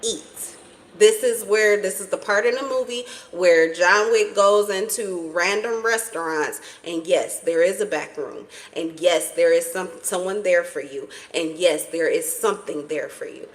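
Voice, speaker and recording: A woman's voice: fairly low pitch, unhurried, few pauses, low-quality recording. A woman giving a casual tarot reading to her viewers, blunt and profane, with emphatic repetition. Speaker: tarot reader.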